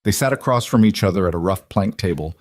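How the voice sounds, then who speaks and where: A man narrating a scripted western romance story in an even, steady storytelling manner. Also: low-pitched, quick pace, dry recording, clean studio sound.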